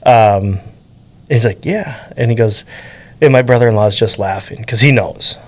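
A man's voice: on the low side, steady tone, moderate pace, darkish tone. A man hosting a community podcast, telling a story casually and acting out the quoted lines. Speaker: podcast host. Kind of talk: casual chat.

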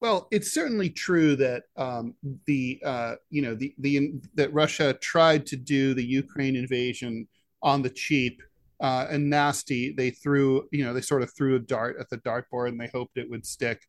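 A man co-hosting a political discussion podcast who talks in a halting way, with many "uh" fillers between phrases. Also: medium pitch, no echo. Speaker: podcast co-host, editorial cartoonist.

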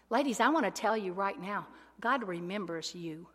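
A woman preaching a sermon, swinging between loud ringing proclamation and hushed, whispered asides. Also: medium pitch, normal speed. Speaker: speaker. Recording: long hall reverb.

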